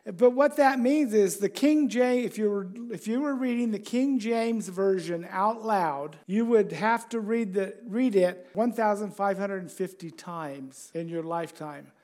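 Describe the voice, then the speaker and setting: Male preacher, high voice, casual sermon delivery, chuckles, asks questions of the congregation. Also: unhurried, few pauses, darkish tone.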